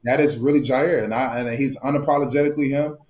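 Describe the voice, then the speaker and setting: A young man talking quickly in a relaxed interview. He tells stories in a loose, easygoing way, full of fillers and small laughs, at a middle pitch. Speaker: football player guest. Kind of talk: casual interview talk.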